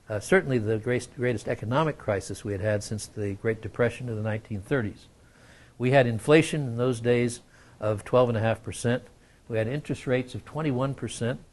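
An older man giving a lecture, telling an anecdote in a measured way with frequent pauses and fillers. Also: fairly low pitch. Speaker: guest lecturer.

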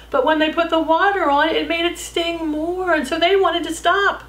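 A woman telling a missionary story to children, with dramatic shifts from loud calls to soft whispers. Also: high-pitched, a little fast, hardly any pauses, reverberant, poor audio. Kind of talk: storytelling narration.

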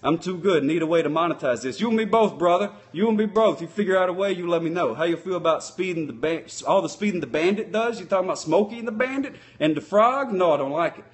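A man's voice: high-pitched, lively intonation, fast talker, hardly any pauses. A man doing a folksy sock-puppet cop. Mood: chatty. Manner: folksy, rambling, loose grammar. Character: folksy male sock-puppet patrol cop, speeder-obsessed. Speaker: live-stream host. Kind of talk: comic live-stream chat answering viewers.

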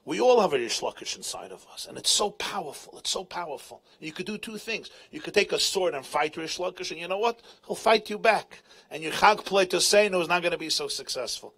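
A man, a rabbi, telling a story at a live event, animated, acting out voices, laughing often and dropping Hebrew and Yiddish terms. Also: high-pitched, brisk, slightly rough. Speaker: rabbi and speaker. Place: event tent.

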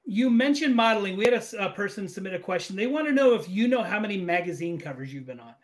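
A man's voice: high voice, expressive, fast. A man hosting a casual interview who reads out questions sent in by listeners. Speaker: host.

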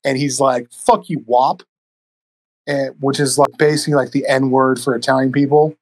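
A man spins casual stories as a podcast guest, rambling and swearing easily. His voice sits at an ordinary pitch and is recorded dry and close on a cheap microphone. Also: flat delivery, a little fast, dry recording, rough recording. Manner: profane, rambling, laid-back delivery. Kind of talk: casual storytelling. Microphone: cheap USB microphone.

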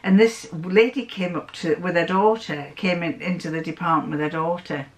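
A woman's voice: on the low side, steady tone, moderate pace. An older woman with a Northern English accent chats through a casual sewing vlog. She digresses freely, restarts her sentences, and acts out little remembered exchanges along the way. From north of England. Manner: rambling, digressive, with frequent restarts and acted-out quotes. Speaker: sewing vlogger.

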